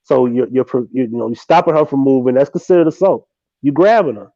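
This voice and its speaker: A man's voice: mid-range voice, animated, fast talker, dark tone, no echo, muffled recording. A man co-hosting a livestream, arguing his points bluntly and with profanity. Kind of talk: casual chat.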